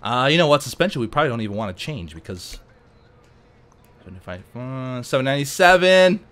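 A man's voice: mid-range voice, brisk. Chatty man narrating his gameplay. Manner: chatty, jokey, sudden excited outbursts. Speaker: let's play host. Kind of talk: casual gameplay commentary.

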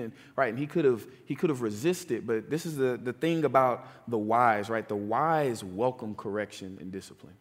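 A man's voice: mid-range voice, moderate pace, hardly any pauses. A man preaching a sermon in a conversational way, often checking in with "right?" and "like". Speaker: pastor. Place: church sanctuary. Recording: long church hall reverb.

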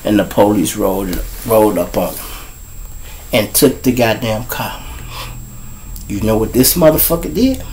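A man hosting his own show, telling profane street stories in an animated way. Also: on the low side, measured pace, long pauses, slight background noise, rough recording. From Chicago. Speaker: show host. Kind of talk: storytelling monologue.

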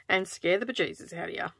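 An Australian woman chatting casually as she stitches, rambling and laughing often, keeping her voice lowered toward a close microphone in her home craft studio. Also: fairly bright tone, dry recording. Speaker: craft vlogger. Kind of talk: casual chat while stitching. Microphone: close microphone in front of her.

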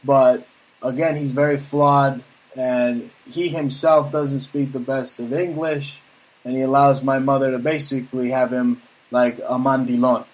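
A man hosting a live talk show, ranting loudly and profanely in long, rambling tirades. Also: mid-range voice, flat delivery, unhurried, poor audio. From United States. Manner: loud, profane, rambling rants.

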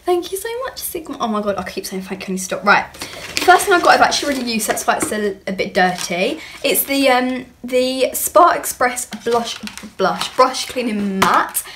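A woman's voice: a little high, animated, moderate pace. A young woman chatting through an unboxing as a beauty vlogger, bubbly and rambling as she gushes. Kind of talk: casual unboxing chat. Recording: clear background noise with clicks.

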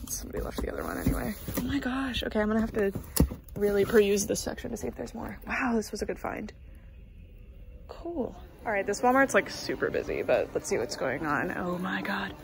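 A young woman, gushing excitedly in a casual doll-collecting vlog. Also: medium pitch, creaky, noisy background. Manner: excitable and gushing, with frequent exclamations. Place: busy retail store, indoors.

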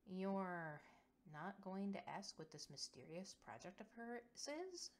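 Woman doing a low-voiced, earnest, anxious female officer. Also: expressive, slow. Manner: earnest, a bit flustered.

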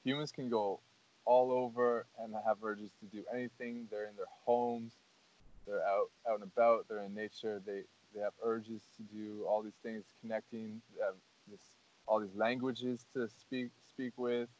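A man's voice: lowish voice, level tone, moderate pace, a little mellow. A man hosting a casual podcast, talking earnestly in a rambling way with lots of "like" and "you know". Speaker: podcast host. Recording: dull lo-fi audio.

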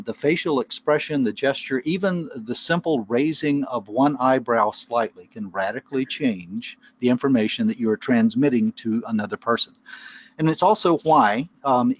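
Guy lecturing in a webinar, chatty, goes off on little tangents, kinda dull lo-fi audio. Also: medium pitch. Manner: conversational, wanders into asides and analogies. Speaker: webinar presenter on brain rehabilitation. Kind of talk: explanatory lecture.

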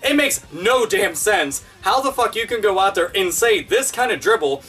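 A man's voice: high-pitched, very animated, measured pace, few pauses, fairly bright tone, breathy edge, recorded from a distance, faint music behind. A man ranting in online commentary, profane, sarcastic and exasperated.

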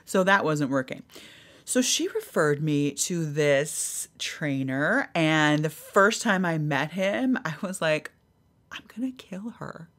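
A woman in her forties hosting a podcast, telling a personal story in an animated way, laughing often and acting out what people said. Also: deep voice, slow pace. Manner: animated, laughing, acts out quotes. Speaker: podcast host.

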